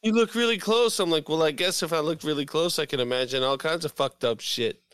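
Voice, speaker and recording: A man's voice: a little high, fairly quick, fairly bright tone, smooth, dry recording. A man joking and swearing in casual podcast banter with friends, often mocking their voices.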